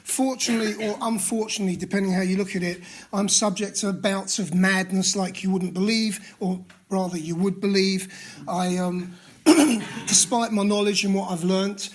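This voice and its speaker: Older man, london accent, personal share at a recovery meeting, self-mocking, candid, halting restarts. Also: high voice, fairly even intonation, slight background noise. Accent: London English. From England. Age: 60s. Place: meeting room.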